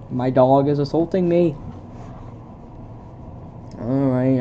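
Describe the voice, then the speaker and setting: A woman at home reading a film script aloud for laughs, stumbling over lines in a deadpan way. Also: very deep voice, measured pace, lo-fi sound, a little hiss or hum. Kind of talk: casual comedic script reading. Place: home with a pet dog.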